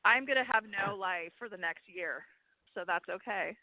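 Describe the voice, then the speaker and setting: A woman co-hosting a political talk radio show, bubbly and quick to laugh. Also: mid-range voice, no echo. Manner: bubbly, laughs often, many fillers. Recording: dry tinny phone line.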